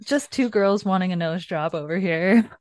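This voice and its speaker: Young woman, low voice, laid-back, laughs a lot, dry close sound. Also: normal speed, a little mellow, dry recording. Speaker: podcast co-host. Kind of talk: casual chat.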